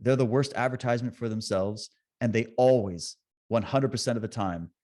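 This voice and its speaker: A man talking as a podcast guest, telling stories in an animated, swearing, fired-up way with quick impressions. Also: mid-range voice. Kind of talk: casual conversation.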